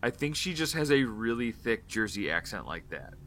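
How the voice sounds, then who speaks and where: A man with a bright, forceful voice runs through a film's plot in loose, casual chat. He rambles along with plenty of fillers and the odd curse word. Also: mid-range voice, big pitch swings, moderate pace. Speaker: podcast co-host. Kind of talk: casual movie-review chat.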